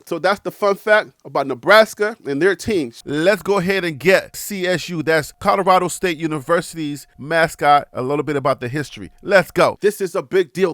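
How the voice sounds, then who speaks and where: High-voiced joking sports host. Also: male voice, no room sound, clean studio sound. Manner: animated, joking, chatty asides to viewers. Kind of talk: casual sports commentary.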